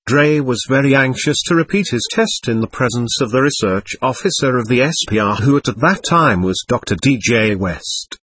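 A man giving a measured, matter-of-fact first-person account of a seance, read aloud. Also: mid-range voice, animated, fairly bright tone, breathy edge. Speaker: medium recounting a seance.

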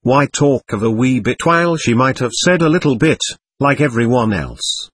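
A man's voice: medium pitch, expressive, normal speed, fairly bright tone, husky, no echo. A man voicing a bitter, scornful young servant. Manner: curt, bitter and resentful. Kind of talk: audiobook character reading.

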